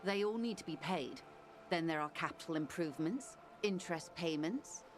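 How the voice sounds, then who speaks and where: An actress voicing a composed, middle-aged corporate negotiator in a video game, speaking in a measured, formal, articulate way. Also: female voice, on the low side, natural voice. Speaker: game character.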